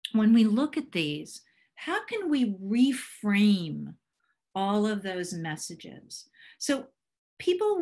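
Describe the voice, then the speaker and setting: A woman in her fifties presenting a workshop over a video call, calm and encouraging as she guides a breathing exercise. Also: medium pitch. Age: 50s.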